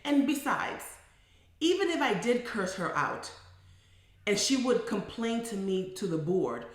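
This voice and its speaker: A middle-aged woman, a psychotherapist, telling a story in a casual monologue, emphatic and animated, building to forceful declarations. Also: medium pitch, measured pace. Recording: very echoey room.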